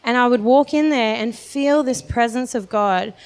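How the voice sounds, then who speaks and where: A young woman with a fairly high voice preaches to a congregation, earnest and heartfelt as she shares her own story. Her words ring out with a long reverb in the church hall. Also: moderate pace, darkish tone. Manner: earnest, personal testimony with light laughs. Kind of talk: sermon.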